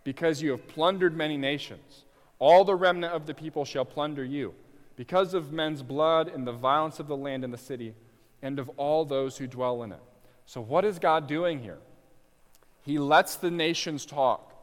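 A man preaching an expository sermon, slowing down for emphasis and swelling loud on the quoted cries. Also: fairly high pitch. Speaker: pastor. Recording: long hall reverb.

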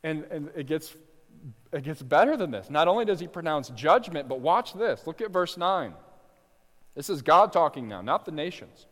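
A man preaching an expository sermon, slowing down for emphasis and swelling loud on the quoted cries. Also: fairly high pitch, big pitch swings. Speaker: pastor. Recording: long hall reverb.

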